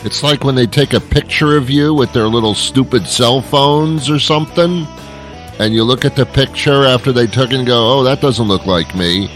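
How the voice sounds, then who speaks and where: A man's voice: mid-range voice, normal speed, fairly bright tone, soft background music. A male radio show host delivering a comedic, rambling monologue with sarcastic, mock-boastful asides.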